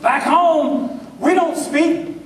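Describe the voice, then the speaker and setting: A man's voice: very high-pitched, drawn-out words. A man with a rural Southern US accent, telling folksy, drawling jokes to an audience in a hall. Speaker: speaker. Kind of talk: humorous speech to an audience. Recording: echoey room, mic from far off.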